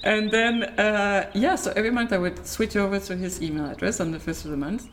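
A woman's voice: mid-range voice, steady tone, fairly quick, slight background noise. A woman entrepreneur chatting candidly as a guest in an interview, often laughing as she talks. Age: adult, married. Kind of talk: casual interview chat.

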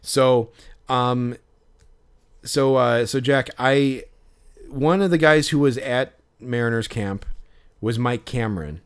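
A man's voice: mid-range voice, slow pace, long pauses, smooth. A man hosting a podcast, telling a story in a rambling way, with many fillers and restarts. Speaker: podcast host. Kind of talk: casual podcast chat.

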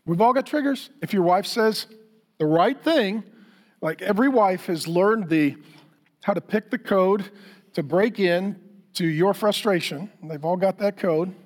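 A middle-aged man preaching a sermon as a pastor, telling lively stories and speaking straight to the congregation with questions. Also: high-pitched, unhurried. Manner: lively storytelling, acts out quotes for humor; addresses the congregation directly with questions.

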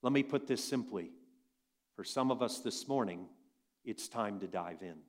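A man preaching a sermon, swinging between loud emphatic passages and quiet hushed lines. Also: fairly low pitch, moderate pace. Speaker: pastor.

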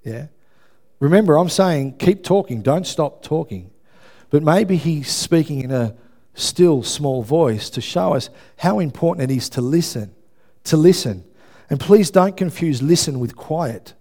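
A man's voice: on the high side, lively intonation, a little slow. A man, a pastor preaching a sermon to a congregation, emphatic and often checking in with listeners. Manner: emphatic, building to loud preaching, asks the congregation for responses. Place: church before a congregation.

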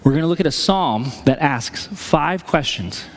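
A man's voice: fairly high pitch, expressive, a little slow, long reverb tail. A man preaching a sermon as pastor in a church sanctuary, conversational and acting out the voices he quotes.

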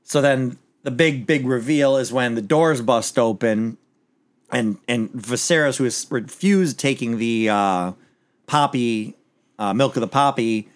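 A man's voice: medium pitch, a little slow, clean tone. Man rambling through a TV recap. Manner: rambling, animated, with frequent restarts and swearing. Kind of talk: casual chat recapping a TV episode.

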